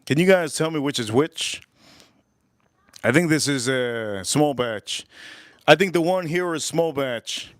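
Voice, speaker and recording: A man's voice: on the high side, expressive, a little slow, pauses often, no echo, studio quality. A man hosting a casual live cooking and whiskey stream, rambling, repeating lines and laughing at his own stories. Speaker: livestream host. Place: home kitchen or backyard, filming point of view.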